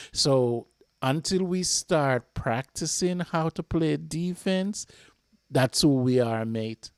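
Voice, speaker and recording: A Jamaican man hosting a fan channel, giving an impassioned match reaction that repeats itself and flares up before calming. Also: medium pitch, no room sound, studio quality. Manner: impassioned, repeats himself, flares up then calms.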